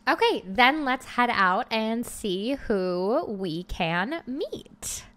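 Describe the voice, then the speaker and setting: Female let's-play host, fairly high voice, casual running commentary, frantic pleading bursts. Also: expressive, extremely slow, fairly bright tone, a little hiss or hum. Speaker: gaming channel host.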